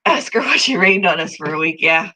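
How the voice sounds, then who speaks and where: A congested middle-aged woman chats casually with her viewers on a live stream. Her voice is bright and forward even through the stuffiness, and she talks in an easygoing, friendly ramble. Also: lowish voice, fairly quick, poor audio. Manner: chatty, talks to viewers by name, coos softly over pets. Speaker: channel host.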